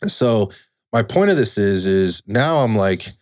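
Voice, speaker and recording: A low-pitched man recounts a story in loose, casual conversation, animated and swearing freely. His voice is recorded close and dry, with no room sound around it. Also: a little slow, no echo. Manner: animated, acts out quoted dialogue, swears casually.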